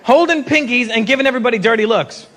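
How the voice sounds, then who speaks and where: A man from Canada doing stand-up comedy, telling animated stories and slipping into quoted voices. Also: extremely high pitch, fast talker. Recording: live show with loud crowd noise. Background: laughing crowd.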